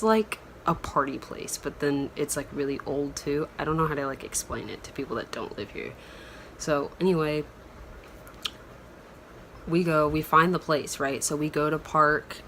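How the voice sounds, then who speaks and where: A woman's voice: sits low, fairly bright tone, a little hiss or hum. A young woman from Florida telling a story to the camera in a chatty, rambling way, full of "like". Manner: chatty, rambling, heavy use of "like". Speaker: vlogger. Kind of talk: casual storytelling vlog.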